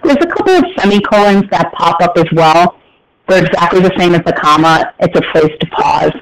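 A man's voice: high-pitched, expressive, fairly quick, gravelly, fairly bright tone, slight background noise, low-quality recording. A male teacher giving casual, step-by-step instructions to a class and repeating key phrases as he goes.

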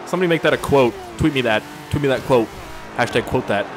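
A fast-talking man of medium pitch provides casual commentary as he plays a racing game, joking crudely and rambling. Game music and car engines sound in the background.

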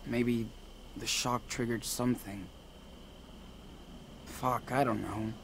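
A guarded teen older brother, firm, game dialogue, soft ambience. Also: male voice, medium pitch, steady tone, takes it slowly, gravelly, a little hiss or hum. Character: protective teenage older brother, guarded and tense.

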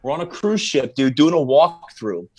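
On a casual podcast interview, a man who works as a firefighter and makes comedy videos tells his stories with plenty of laughter and slang. He speaks at a moderate pace in a voice that sits on the high side, keeping things lively.

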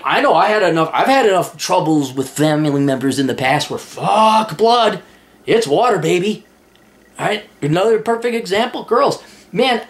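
Casting: male advice host, blunt and foul-mouthed, animated pitch that swings a lot. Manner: reads listener's letter aloud. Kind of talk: casual advice monologue.

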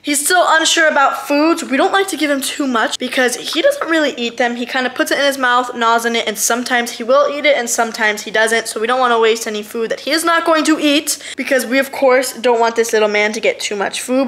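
A young woman with a high, bright voice walks viewers through her daily pet routine in a chatty how-to vlog. She keeps up an upbeat tone and often baby-talks to her pet. Faint household noise sits behind her. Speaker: pet vlogger. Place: home kitchen and living room.

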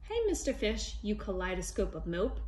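A woman's voice: mid-range voice, big pitch swings, moderate pace, a little mellow, echoey room, close to an everyday voice. A woman voicing a squirmy, slightly impolite female squid, pushy and rising on her questions. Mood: teasing.

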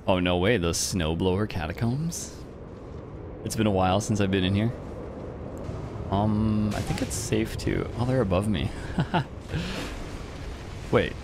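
A man's voice: on the low side, normal speed, pauses often, background noise. A man streaming an online game, giving casual commentary in a playful, teasing way with frequent chuckles.

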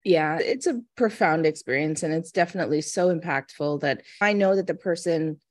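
This woman's voice sits low and moves at normal speed, with no echo. In her thirties and working as a manifestation coach, she shares a personal story in a casual interview, chatty and earnest, acting out the voices of people she quotes.

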